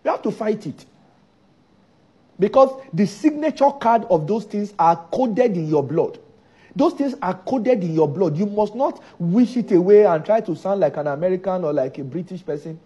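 A man's voice: high-pitched, lively intonation, moderate pace, mellow, slightly rough, muffled recording. A man preaching a sermon, driving his points home by repeating key phrases.

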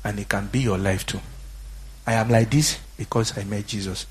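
A Nigerian man preaching a fiery, exhorting sermon that swings from quiet talk to shouting. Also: on the low side, steady tone, moderate pace, husky. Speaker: pastor.

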